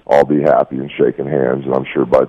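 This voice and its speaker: A man's voice: rumbling low, level tone, fairly quick, slightly rough. A man guesting on a radio show, telling a heated story in a blunt, profane way and calling the listener "brother.". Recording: dull lo-fi radio broadcast.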